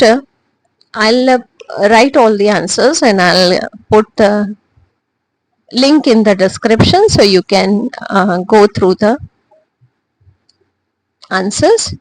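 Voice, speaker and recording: A woman teacher, giving a recorded lesson slowly, with frequent hesitations and restarts. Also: fairly high pitch, no room sound, rough recording. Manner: slow and deliberate, with frequent "uh" and restarts. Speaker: English teacher.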